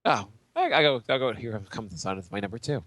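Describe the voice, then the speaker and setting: Brief: animated male co-host, bright tone, dry close sound. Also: on the low side, fast, no echo. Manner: animated, jokey. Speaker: podcast co-host. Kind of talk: casual chat.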